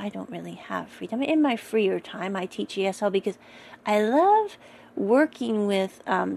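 A woman recapping a series episode in a casual, rambling way, often stopping to correct herself. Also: a little high. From United States. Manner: rambling, chatty, with frequent self-corrections.

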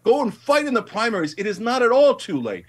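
Middle-aged guy ranting about politics, high voice, really fired up and indignant. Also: very animated, brisk. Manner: passionate, emphatic, rising to indignant outbursts. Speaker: guest commentator. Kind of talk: heated political debate.

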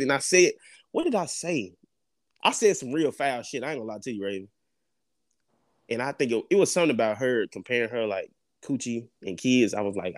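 This young podcast co-host speaks at medium pitch, recorded dry with studio quality. Telling a story in relaxed conversation, he's animated and profane, cursing and laughing a lot.

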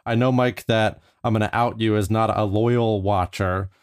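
A man's voice: lowish voice, fairly even intonation, moderate pace, clean tone, no room sound, studio quality. A man hosting a podcast, a licensed therapist, in easygoing and upbeat casual chat.

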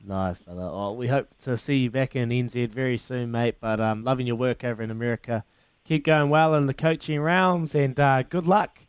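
A man's voice: mid-range voice, fairly even intonation, moderate pace, clear, resonant tone, dry recording. A man hosting a radio show, matey and easygoing with his guest. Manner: matey, easygoing, lots of "mate". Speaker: radio host. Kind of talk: radio interview and studio banter.

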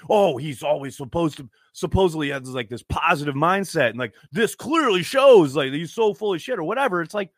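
Male podcast host, lively swinging pitch, casual and profane, dry close sound. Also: dry recording. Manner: animated, profane, gets heated and loud when ranting. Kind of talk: casual live-stream chat reading super chats.

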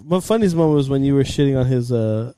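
A man's voice: medium pitch, lively intonation, fast talker, dark tone, smooth, no echo. A man hosting a podcast in casual chat, rambling through funny stories and laughing often. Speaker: podcast host.

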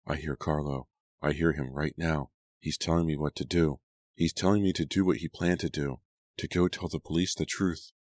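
A tearful teenage girl, as a deep-voiced male reader plays her, murmuring her words softly. Dry, close sound. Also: fairly even intonation, moderate pace, dry recording. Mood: distraught. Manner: soft, murmuring.

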